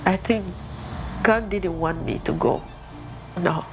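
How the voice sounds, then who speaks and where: A woman's voice: lowish voice, slow, music in the background. A woman from Guinea, speaking earnestly and confessionally about her life in an interview. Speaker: documentary subject. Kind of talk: personal interview.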